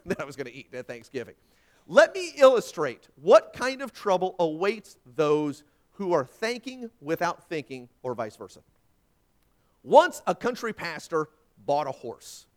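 Male pastor, high voice, very animated delivery, storytelling sermon. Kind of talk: sermon with anecdotes.

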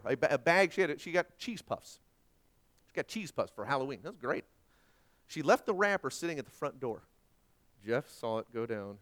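A man in his thirties or forties preaching as a pastor, telling stories and acting out dialogue in between. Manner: animated storytelling with acted-out dialogue and sudden pitch jumps. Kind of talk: sermon.

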